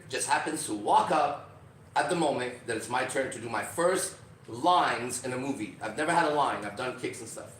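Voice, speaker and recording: A man's voice: medium pitch, fairly bright tone. A man hosts a podcast and tells a story with energy, checking in with "right?" as he goes. His voice sits in a roomy, echoing space, heard from some distance off the mic, with a faint hiss behind it. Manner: acts out quoted lines, often adds "right?". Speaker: podcast host. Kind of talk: animated storytelling.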